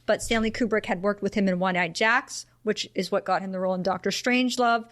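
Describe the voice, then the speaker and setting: A woman's voice: medium pitch, fairly even intonation, brisk, a bit bright. Woman, podcast host, casual film chat, chatty, laughs often.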